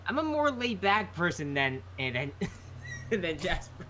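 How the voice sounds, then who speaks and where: A man's voice: high-pitched, big pitch swings, measured pace, bright, forceful tone, a little hiss or hum. A man chatting casually with friends on a stream, hesitant and stammering with repeated fillers. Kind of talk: casual group chat on a stream.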